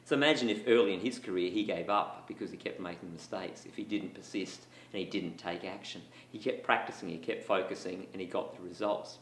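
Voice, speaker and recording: A man's voice: low voice, fairly quick, hardly any pauses, slight background noise. A man talking candidly to students about procrastination and admitting his own struggles. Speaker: motivational speaker for schools. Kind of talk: talk to students. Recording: echoey room.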